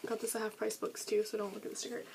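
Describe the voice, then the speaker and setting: A woman's voice: mid-range voice, little pitch movement, very fast, creaky, a little mellow, a little hiss or hum, poor audio. A teenage girl chatting eagerly about her favorite books, with lots of fillers, recorded on a camera mic. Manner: gushing, chatty, many fillers. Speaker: book vlogger. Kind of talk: casual book review vlog.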